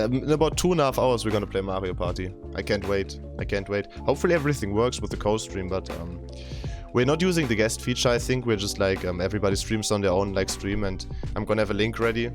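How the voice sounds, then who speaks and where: Low-voiced laid-back male streamer. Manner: keeps voice down, chill and chatty. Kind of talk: casual live-stream chat.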